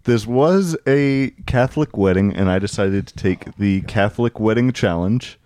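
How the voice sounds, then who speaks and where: Young guy podcast host, lowish voice, dry close sound, rambles and laughs. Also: normal speed, a little mellow, no room sound. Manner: laughing, rambling storyteller with fillers. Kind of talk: casual podcast chat.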